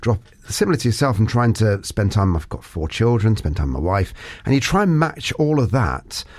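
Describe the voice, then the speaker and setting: A well-spoken man hosting a casual interview podcast, talking in an animated way. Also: lowish voice, moderate pace, dry recording, clean studio sound. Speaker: podcast host.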